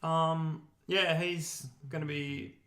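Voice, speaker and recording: Gravelly man in an echoey room. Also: fairly high pitch, little pitch movement, slow pace, a bit bright. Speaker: podcast co-host. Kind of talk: casual chat.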